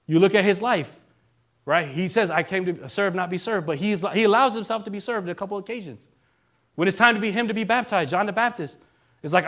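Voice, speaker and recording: A male minister giving a relaxed, conversational sermon, joking now and then and often checking in with the congregation. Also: sits high, fairly quick. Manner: casual and joking, keeps asking the congregation "right?".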